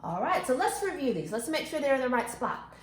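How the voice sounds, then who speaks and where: A woman teaching a phonics lesson to young children, animated and sing-song, stretching words out slowly. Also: sits high, roomy sound. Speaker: kindergarten teacher.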